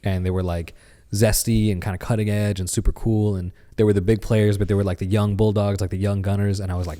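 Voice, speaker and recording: A man in his thirties, a podcast guest, telling a story in casual chat with lively animation. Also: fairly low pitch, a little fast, in a large hall.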